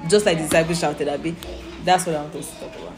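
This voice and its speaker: A woman's voice: sits low, steady tone, racing, gravelly, music in the background. A woman teaching a Bible study, reading scripture aloud and explaining it patiently, asking her listeners questions.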